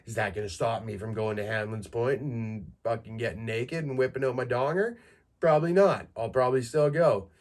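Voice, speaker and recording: A man's voice: mid-range voice, normal speed. A man in his thirties from Canada, a podcast host telling crude, self-mocking stories in a casual monologue and laughing through them. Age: 30s.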